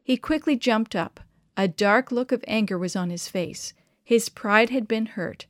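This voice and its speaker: A woman reading a children's story aloud in an expressive, measured way. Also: on the high side, dry recording, studio quality.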